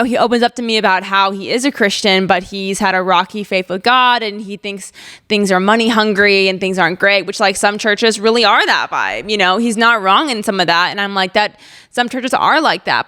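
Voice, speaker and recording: This twenty-something podcast host from the Ozarks, USA, speaks at a moderate pace in a mid-range voice. Chatty, candid, and expressive, she shares a personal story peppered with "like."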